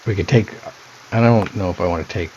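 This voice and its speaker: Deep-voiced man thinking aloud. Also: fairly quick, a little mellow, dull audio, a little hiss or hum. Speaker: streamer. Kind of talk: casual let's-play commentary.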